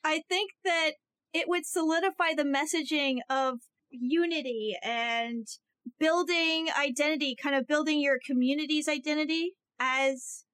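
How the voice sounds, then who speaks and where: High-voiced woman chatting on a podcast. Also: unhurried, a bit bright, no room sound. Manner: laughs easily, eager agreement. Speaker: podcast co-host. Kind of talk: casual chat.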